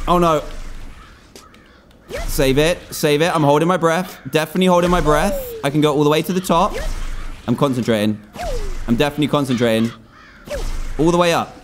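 A young man in his twenties commentating his own gameplay, excitable, exclaiming and groaning at every slip. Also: a little high, a little hiss or hum. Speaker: gaming YouTuber.

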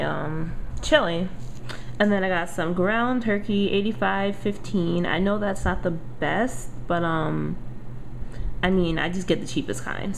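A woman's voice: fairly low pitch, a little hiss or hum, rough recording. Chatty young woman vlogging at home. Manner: chatty, keeps addressing viewers as y'all. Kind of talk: casual vlog chat. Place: at home, cooking in the kitchen and living room.

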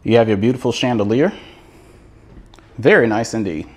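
A man's voice: medium pitch, expressive, moderate pace, darkish tone. A man giving an enthusiastic, chatty walkthrough of a show home, recorded on a handheld camera while walking through the rooms. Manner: enthusiastic, chatty, repeats words. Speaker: home tour host. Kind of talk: casual walkthrough narration. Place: inside a manufactured home show model.

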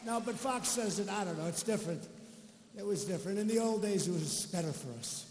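A man's voice: high-pitched, a little fast, darkish tone, big-room sound. An older man giving a political rally speech, boastful and repetitive, full of off-the-cuff asides. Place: large arena rally.

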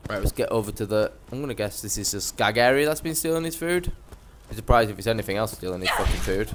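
A man's voice: on the low side, expressive, fast talker, music in the background. A young man giving brash, sweary live commentary as he streams a game.

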